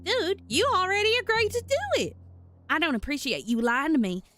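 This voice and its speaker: A woman's voice: extremely high pitch, lively intonation, pushed and bright, pitched above the performer's own voice, full character voice. A woman voicing a snippy young female rabbit with a put-on country twang in a game. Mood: huffy. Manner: snippy, sulky, quick to take offense. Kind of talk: voice acting a game character.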